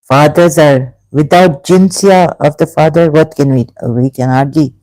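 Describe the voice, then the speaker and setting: Slow speech, dark warm tone, dry close sound, rambling emotional commentary. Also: medium pitch, steady tone, no echo, rough recording. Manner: rambling, emotional, many restarts. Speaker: religion critic. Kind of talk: casual monologue commentary.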